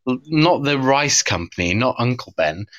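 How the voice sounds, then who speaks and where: A man's voice: medium pitch, animated, moderate pace, fairly bright tone, muffled recording. A British man in his late thirties rambles through a casual chat, his voice rising and falling a lot. He trips over his words and leans on fillers as he goes. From Britain. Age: 30s. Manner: rambling, lots of fillers and restarts, puts on silly voices.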